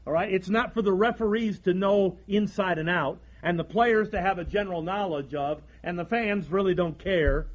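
A man's voice: high voice, muffled recording. A man, preaching a folksy sermon from the pulpit and often restarting his sentences. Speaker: pastor.

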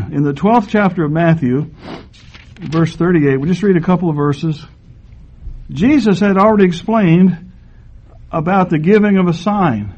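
Older preacher, high voice, muffled recording. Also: male voice, darkish tone. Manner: slow, deliberate Bible reading with emphatic pauses. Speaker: pastor. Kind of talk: sermon. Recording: dull lo-fi sermon recording.

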